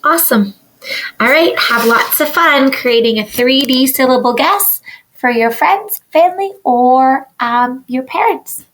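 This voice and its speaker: A woman teaching a recorded lesson to young children, slowly sounding words out syllable by syllable, with sing-song rises when she counts and praises. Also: high-pitched, animated, fairly bright tone, slight background noise, rough recording. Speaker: kindergarten teacher.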